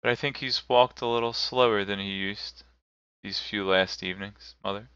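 A man voicing a quiet, dutiful teenage son, speaking in a subdued, matter-of-fact way, in a live reading of a classic novel. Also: lowish voice, steady tone, moderate pace, smooth, dry recording, lo-fi sound, natural voice.

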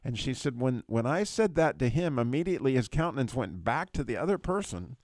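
A man in middle age hosting a prayer show on the radio, recounting a testimony in an easy, conversational way. His pitch leaps up whenever the story peaks, and the studio sound is dry and close. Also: a little fast, no room sound. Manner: animated storyteller, voice leaping up at emotional peaks. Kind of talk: casual testimony retelling.

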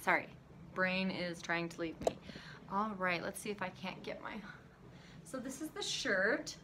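A woman's voice: medium pitch, pushed and bright, a little hiss or hum. A young woman chatting casually to her vlog camera in a rambling way, with lots of fillers and small laughs. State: shivering with cold. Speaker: vlogger. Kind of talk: casual chat.

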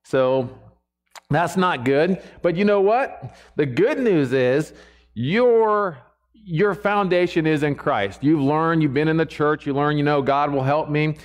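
A man's voice: a little high, lively intonation, takes it slowly. A man preaching a sermon to a church congregation in a conversational way, often checking in with the listeners.

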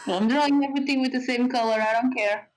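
A woman's voice: sits high, fast talker, rough recording. A young woman drawing for a guessing game, teasing and laughing along. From outside the United States. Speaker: drawing player. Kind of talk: casual game chat.

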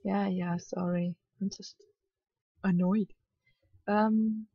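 Yawny woman playing a hidden object game, husky voice, dry close sound, kinda annoyed. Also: mid-range voice, steady tone, slow, warm tone, dry recording, muffled recording. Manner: sleepy, yawning, mildly exasperated muttering. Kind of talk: casual let's-play commentary.

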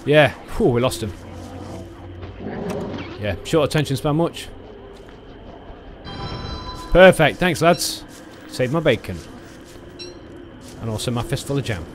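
A man commentating on a video game he is playing, excitable and sweary, often yelling at the game. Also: mid-range voice, slow pace, pauses often, noisy background. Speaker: let's play gamer. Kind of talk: gameplay commentary.

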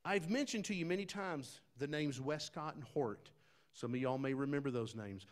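A man preaching a sermon in a folksy, conversational way, talking straight to the congregation, dropping to quiet asides and rising to loud, emphatic bursts. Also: mid-range voice. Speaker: pastor.

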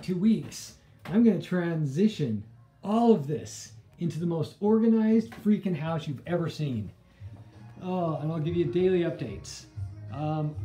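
Woman in her thirties, low mellow voice, chatty home vlog, echoey room, faint music. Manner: chatty, upbeat, talks straight to viewers. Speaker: family vlogger. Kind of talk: casual home vlog to camera. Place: family home indoors.

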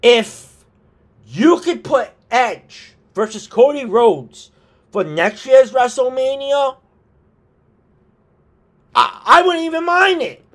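A man's voice: very high voice, expressive, takes it slowly, pauses often, a bit bright. A man ranting casually on his wrestling vlog, swearing and talking through exasperated asides while he has the hiccups. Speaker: wrestling commentator vlogger.

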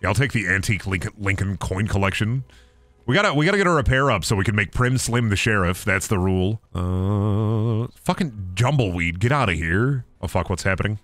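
Animated, excitable man streaming a game. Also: on the low side, fast talker. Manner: excitable, swearing, joking to himself. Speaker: gaming streamer. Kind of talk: casual gameplay commentary.

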